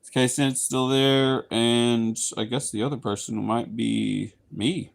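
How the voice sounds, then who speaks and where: A livestream host from Southeast Texas chats casually with his viewers in a Texan accent. His mid-range voice is gravelly and steady, and he talks at a slow pace. He's playful, slipping into goofy voices now and then.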